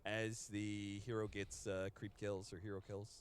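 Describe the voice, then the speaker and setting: A man calling an esports match play by play, quick to get excited in fights. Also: fairly low pitch. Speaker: esports caster. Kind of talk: play-by-play commentary.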